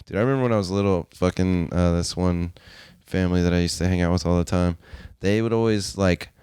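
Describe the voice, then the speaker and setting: A Southern man with a very low, smooth voice, cursing his way through an animated story on a podcast. He sounds dry and close, with no room around him. It is loose, casual chat among friends. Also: a little fast, no room sound. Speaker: podcast co-host.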